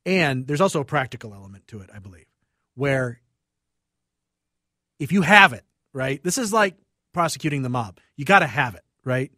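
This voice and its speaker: A man's voice: medium pitch, very animated, bright, forceful tone, no room sound, studio quality. A man co-hosting a radio talk show, making his argument emphatically in casual discussion. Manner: argumentative, emphatic, talks through points quickly. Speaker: radio co-host.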